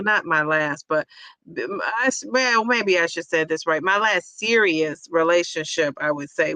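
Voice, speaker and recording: Chatty woman hosting a bright, dry livestream. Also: fairly low pitch, dry recording. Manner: chatty, reads comments aloud and repeats them, frequent laughs. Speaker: livestream host reading viewer comments. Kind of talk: casual livestream chat.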